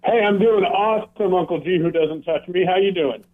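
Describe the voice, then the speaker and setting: A man's voice: high-pitched, normal speed. A man calling in to a radio show, upbeat and joking. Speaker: caller. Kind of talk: phone-in conversation. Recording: tinny phone line.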